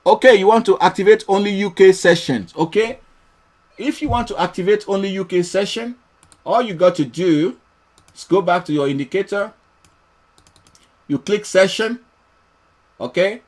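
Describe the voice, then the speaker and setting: A man's voice: high-pitched, moderate pace, pauses often, a little mellow. A man hosting a live trading lesson, chatty and playful, laughing often as he reads out viewer comments. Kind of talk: casual live-stream teaching.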